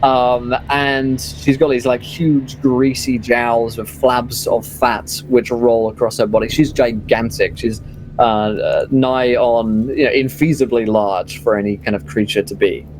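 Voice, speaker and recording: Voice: mid-range voice, fairly even intonation, a little slow, a little mellow, soft background music, rough recording. A game master narrating a tabletop game, rambling with many ums and likes.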